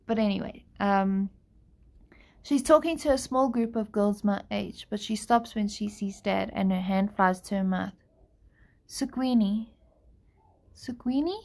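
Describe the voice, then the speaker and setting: A woman's voice: mid-range voice, gravelly, darkish tone. Tired woman reading aloud. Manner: apologetic, laid-back. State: tired, yawning. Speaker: host reading a novel aloud. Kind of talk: live book reading with chatty asides.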